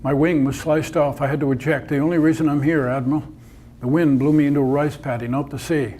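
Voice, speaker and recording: A man's voice: a little high, fairly even intonation, fast talker, warm tone, breathy edge. A man playing a male navy pilot who reports in a formal, clipped military manner. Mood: dutiful.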